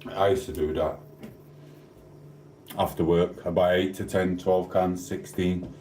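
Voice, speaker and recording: A man's voice: low voice, little pitch movement, a little slow, dark tone, slight background noise. A man with a South Yorkshire accent, chatting casually on a live stream, rambling and cheekily bantering with viewers' comments. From South Yorkshire, England. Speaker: livestreamer. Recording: echoey room.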